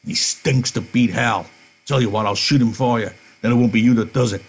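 A man's voice: mid-range voice, fairly even intonation, fairly quick, breathy edge. A man voicing a blunt, heavy-set, pushy male ranch hand, reading a novel aloud in class. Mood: insistent. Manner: loud, insistent, hard-pressing delivery.

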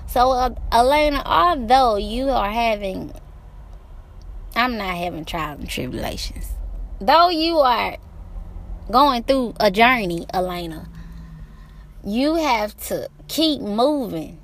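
A woman's voice: on the high side, lively intonation, slow pace, pauses often, fairly bright tone, a little hiss or hum. A middle-aged woman vlogging outdoors by the ocean, giving herself an emphatic, repetitive, preachy pep talk. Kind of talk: motivational self-talk.

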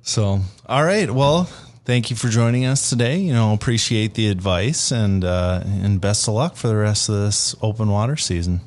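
A man's voice: lowish voice, normal speed, a little mellow, a little hiss or hum. A man hosting an outdoors interview show. He asks questions and closes the segment in an easygoing, conversational way. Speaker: show host.

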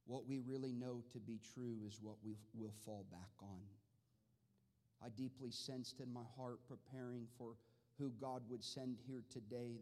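A man preaching a sermon with passion, moving from quiet, measured talk to loud, pleading outbursts. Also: mid-range voice. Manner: impassioned, swings from quiet to shouting. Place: large church hall. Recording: long hall reverb.

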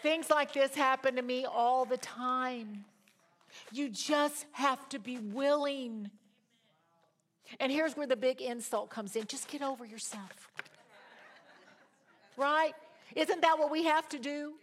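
A woman in her sixties leading a Bible study, telling stories in an animated way that swings between loud exclamations and quiet asides, and talking straight to her audience. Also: high-pitched, slow pace, a little hiss or hum. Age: 60s. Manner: chatty, addresses the audience directly. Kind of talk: storytelling Bible study teaching.

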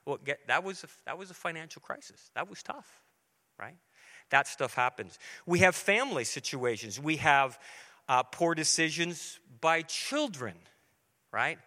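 A middle-aged male preacher with a somewhat high, bright, forceful voice, speaking earnestly and conversationally from the pulpit. His sermon rings through a church sanctuary with a long, lingering echo. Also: lively intonation, a little slow. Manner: earnest, conversational, acts out dialogue. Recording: long reverberant hall.

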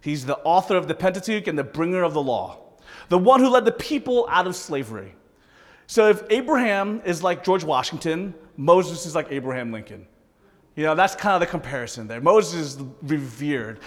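A male pastor delivers a sermon in a high, very lively voice, tossing joking asides to his congregation. His voice carries a long reverb through a large hall.

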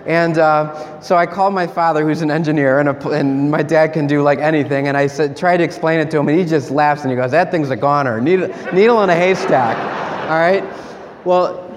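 Male priest, chatty homily storyteller, slightly high voice, echoing church, faint room hum. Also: brisk. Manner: animated, chatty storytelling with laughs. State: sick with a cold. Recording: church hall reverb, faint ambience.

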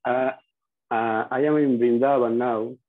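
A man reporting hesitantly on a video call, with many fillers and pauses. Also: medium pitch, steady tone. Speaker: devotee reporting from a pilgrimage town. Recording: tinny phone-like call.

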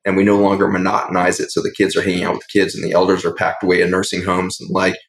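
A man's voice: low voice, completely flat delivery, quick pace, a bit bright, low-quality recording. A man, a doctor guest on a podcast, telling stories in an earnest, reflective, flowing way. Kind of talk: podcast interview storytelling.

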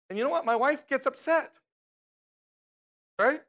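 A man's voice: very high-pitched, measured pace, pauses often, fairly bright tone. A middle-aged man preaching a sermon in a conversational way, often asking his listeners questions and tagging lines with "right?". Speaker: pastor.

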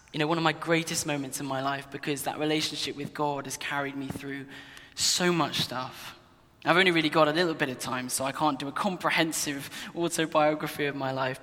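A man's voice: fairly high pitch, pushed and bright, in a large hall. A young man candidly telling his personal Christian testimony at his desk in a casual, earnest way, sometimes restarting sentences. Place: desk in his own room.

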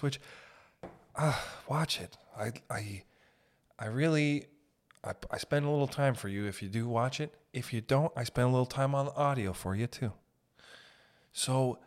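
A man hosting a casual solo podcast, rambling and making fun of himself. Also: mid-range voice. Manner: rambling, self-mocking, drops into silly put-on voices. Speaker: podcast host. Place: home podcast setup.

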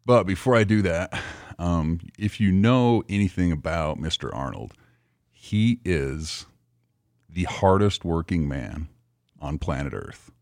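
A middle-aged man hosting a podcast, asking questions in a measured, rambling way with many fillers. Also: low voice, animated, a little mellow, dry recording, studio quality. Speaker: podcast host. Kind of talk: casual podcast interview.

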